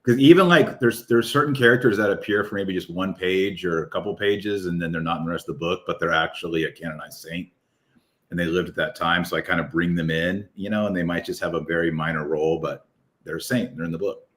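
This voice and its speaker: Deep-voiced man, eager podcast guest. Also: fast talker, a bit bright. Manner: enthusiastic, rambling with restarts. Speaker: author guest. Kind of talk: casual podcast conversation.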